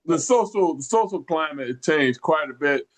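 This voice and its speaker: A man's voice: fairly high pitch, animated, normal speed. Older man rambling through a story. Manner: rambling storyteller, many restarts, acts out quoted voices. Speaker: podcast co-host. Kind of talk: casual storytelling chat.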